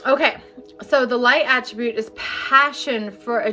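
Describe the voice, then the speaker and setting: High-voiced woman leading a healing session. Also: sharp tone, faint music behind. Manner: candid, chatty and profane, then slow incantatory guidance. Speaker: energy healing coach. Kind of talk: live-streamed guided healing session.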